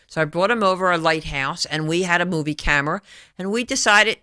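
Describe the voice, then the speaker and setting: Emphatic, bright-voiced woman talk show host. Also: fairly low pitch, moderate pace, no echo. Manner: emphatic, rambling, animated storytelling with rhetorical questions. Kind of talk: solo talk show monologue. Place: TV studio.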